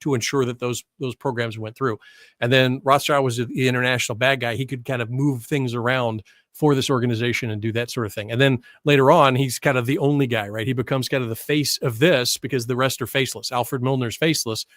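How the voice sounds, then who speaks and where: A man's voice: mid-range voice, steady tone, a little fast, fairly bright tone, dry recording, clean studio sound. An American man presenting history in a casual lecture over slides, chatty and full of tag questions and restarts.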